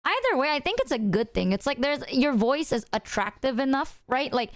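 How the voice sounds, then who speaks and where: A woman's voice: sits high, sing-song, moderate pace, dry recording, studio quality. A woman streamer chatting casually with her viewers in a loose, rambling way, full of filler words and swearing.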